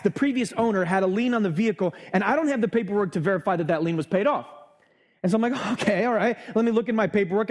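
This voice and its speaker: A male pastor preaching a sermon, telling a lively personal story and acting out the exchanges in church. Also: high voice.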